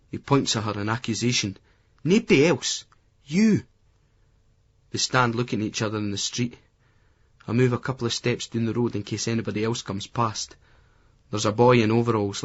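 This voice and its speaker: A man's voice: on the low side, slightly rough, highs cut off. A man with a Scottish accent giving gritty, colloquial first-person audiobook narration. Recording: remastered poor-quality audio.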